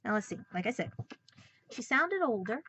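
In this angry personal vlog rant, a woman vlogger confronts her viewers, calling them "guys" again and again. Her voice is fairly high, with big pitch swings, a moderate pace, and a pushed, bright, slightly rough quality. The recording is dry, dull and lo-fi.

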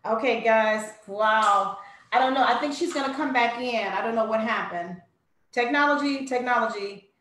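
A high-voiced woman hosts a live stream over a video call. Her voice sounds far from the mic and very echoey. She speaks sympathetically and often mentions faith. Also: normal speed, a bit bright. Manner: sympathetic, speaks of God and prayer. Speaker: host of an online talk show.

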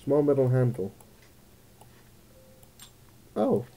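Very dark-voiced man thinking aloud. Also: mid-range voice, big pitch swings, drawn-out words. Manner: musing, thinking aloud, jokey asides. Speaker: let's play gamer. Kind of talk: casual gameplay commentary.

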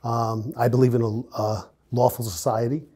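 A man's voice: mid-range voice, flat delivery, moderate pace, warm tone, breathy edge. A middle-aged man with a New York accent, a retired police officer, bluntly telling stories in an interview and acting out the dialogue. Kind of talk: casual storytelling interview.

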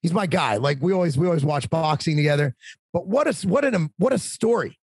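Chatty husky-voiced man telling stories. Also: on the high side, a little fast, no room sound. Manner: talkative, animated, swearing. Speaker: podcast guest. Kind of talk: casual storytelling.

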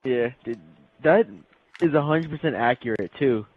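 A man's voice: mid-range voice, normal speed, breathy edge. A young man chatting as a friend in a gaming session, joking and laughing often, heard over a tinny party-chat line. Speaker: co-player friend. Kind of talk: casual chat while playing a game.

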